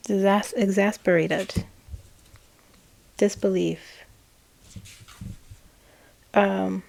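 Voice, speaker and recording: Slow, creaky-voiced woman tarot reader. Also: medium pitch, level tone, darkish tone. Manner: slow and hesitant, reads out messages with frequent ums and self-corrections. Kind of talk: channeled message reading.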